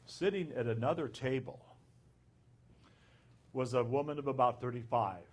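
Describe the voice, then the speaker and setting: A man who is an abbot, telling an anecdote in a conference talk and recounting the dialogue in an unhurried way. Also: mid-range voice, a little mellow.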